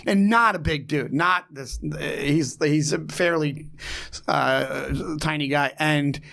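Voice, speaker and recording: A man hosting a podcast, telling a story in a casual, animated way, acting out the quotes and laughing often. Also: fairly high pitch, slow pace, vocal fry. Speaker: podcast host.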